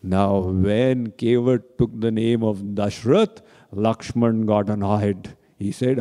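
A man, a spiritual teacher, telling a devotional story slowly and expressively, in a reverberant hall. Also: medium pitch. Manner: slow, deliberate, expressive storytelling.

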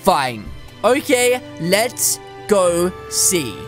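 A woman narrating a game roleplay in an excitable, exclamatory way, gushing and shouting reactions as she voices her characters. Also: on the low side, drawn-out words. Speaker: gaming video creator. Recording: clear background music.

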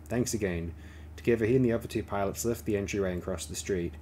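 A man reading a novel aloud as an audiobook narrator, in a steady, even way. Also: fairly low pitch, rapid-fire, slight background noise. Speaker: audiobook reader.

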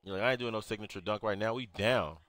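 A young man, giving excited play-by-play commentary on a game he is playing and talking to his viewers. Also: on the low side, fast talker, no room sound. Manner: excitable, reactive, talks to viewers. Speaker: gaming YouTuber. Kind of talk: live gameplay commentary.

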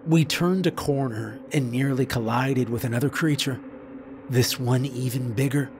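A man narrating a scary story in the first person, slow and measured. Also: medium pitch, background noise. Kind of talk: scripted narration. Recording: faint background music.

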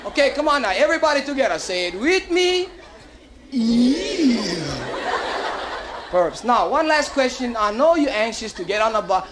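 A high-pitched man performs live stand-up in a Hawaiian Pidgin accent on a comedy club stage, playfully working the crowd with animation and put-on voices. Laughter from the audience and hiss come through on this live vinyl club recording.

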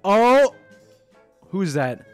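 A young man streaming, chatting casually to his viewers, excitable and animated, jumping from loud squeals down to quiet mumbles. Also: sits high, extremely slow, no echo, soft background music. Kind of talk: casual livestream commentary.

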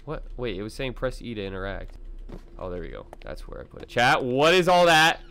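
A young man doing gaming commentary to his chat, loud, excitable, slangy and quick to laugh. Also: medium pitch, creaky. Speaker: gaming YouTuber. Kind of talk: let's-play commentary.

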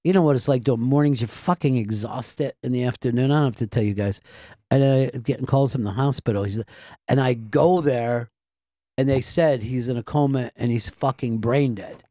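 A man telling profane stories on a radio talk show, animated and laughing as he goes. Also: medium pitch, moderate pace, no echo. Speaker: guest, radio host. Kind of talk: casual talk-show storytelling.

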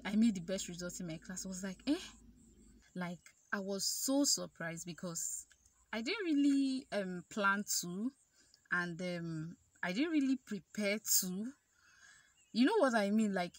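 A woman's voice: medium pitch, no room sound. A young Nigerian woman with a Nigerian accent, vlogging a personal story in a chatty way with many fillers. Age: young adult. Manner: chatty, animated quoted dialogue, many fillers. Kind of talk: casual storytelling to camera.

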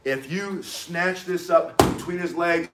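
A man's voice: fairly high pitch, takes it slowly, very noisy. A man teaching cane self-defense, talking intensely while he demonstrates the moves. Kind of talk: demonstration lesson.

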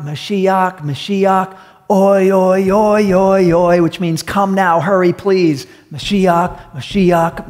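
A pastor telling a story in a sermon, animated and quoting the people in it. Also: male voice, sits high. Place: church hall. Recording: echoey church hall.

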